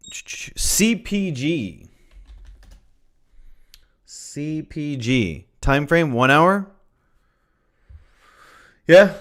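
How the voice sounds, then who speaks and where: A man hosting a live trading stream, chatting casually and thinking aloud, often repeating his phrases. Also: medium pitch. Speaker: trading livestream host. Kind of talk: casual livestream market analysis.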